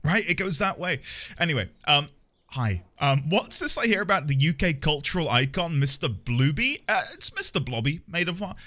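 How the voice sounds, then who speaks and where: Bright, lively, playful male streamer. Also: on the high side, moderate pace. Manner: playful, theatrical, laughs often. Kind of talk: live game stream chat.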